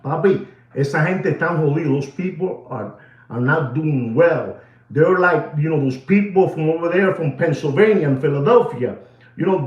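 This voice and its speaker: A man hosting a watch market show, delivering a rambling, excitable comic rant. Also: high voice. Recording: echoey, distant, dull sound.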